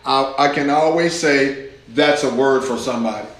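A man preaching a sermon as pastor, slow and deliberate, rising with emphasis as he reads scripture aloud to his congregation. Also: medium pitch, fairly bright tone. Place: church hall. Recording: echoey church room.

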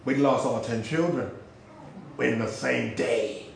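A man preaching a sermon with passion, using street slang, swinging between loud shouts and low hushed lines. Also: a little slow, creaky, reverberant, slight background noise. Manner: uses street slang for emphasis.

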